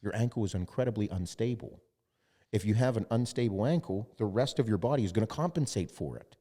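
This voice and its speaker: A man's voice: on the low side, animated, quick pace, dark tone, long reverb tail. A man hosting a podcast, telling a story in casual chat and quoting others, with lots of swearing. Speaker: podcast host.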